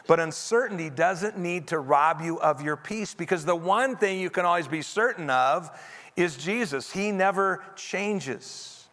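Male pastor, bright slightly high voice, earnest sermon delivery, long hall reverb. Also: unhurried. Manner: earnest, leads congregation in repeated reading. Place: church sanctuary.

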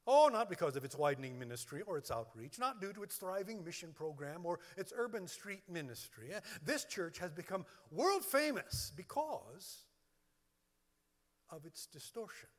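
A male pastor preaches with a high, very animated voice. He hits long strings of words one by one. The sound carries a long reverb from a big hall. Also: normal speed. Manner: emphatic, lists words one by one. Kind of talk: sermon.

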